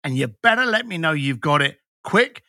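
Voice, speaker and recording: A man's voice: a little high, sing-song, moderate pace, pushed and bright, no echo, clean studio sound. A man, a business coach talking bluntly and emphatically as a podcast guest. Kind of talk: podcast conversation.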